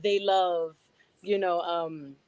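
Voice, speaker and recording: A woman's voice: lowish voice, fairly even intonation, slow pace, a crowd in the background. A woman with a New York accent, a rapper guest in a casual radio interview, chatty and laughing often. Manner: chatty, laughs often, many "you know"s. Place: radio studio.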